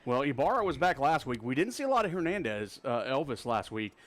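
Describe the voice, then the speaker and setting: A man calling a live high school football game play by play, rapid and excitable on big plays, with a Texan accent. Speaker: play-by-play announcer.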